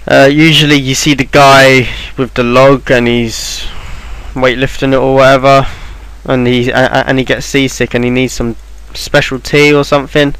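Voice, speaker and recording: A man's voice: medium pitch, level tone, moderate pace, a bit bright, clean tone, poor audio. A man talking through a game walkthrough in an offhand, rambling way, with plenty of ums and restarts. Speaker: game guide maker. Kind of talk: casual game walkthrough voice-over.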